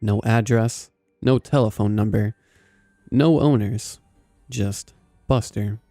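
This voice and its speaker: A man narrating a scripted first-person story in a measured, even way. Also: fairly low pitch, dry recording, studio quality, faint music behind.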